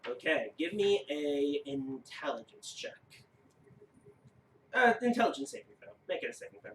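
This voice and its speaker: A man narrating as game master of a tabletop game, unhurried and halting. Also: on the high side, big pitch swings, fairly bright tone. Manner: unhurried, with frequent uh fillers. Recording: roomy, distant mic with faint noise.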